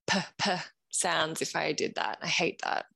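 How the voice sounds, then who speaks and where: A woman with an Australian accent, a podcast host chatting as a guest over a video call on a headset, easygoing and quick to laugh. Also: low voice, steady tone, creaky, pushed and bright. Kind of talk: casual interview chat. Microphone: headset with boom mic.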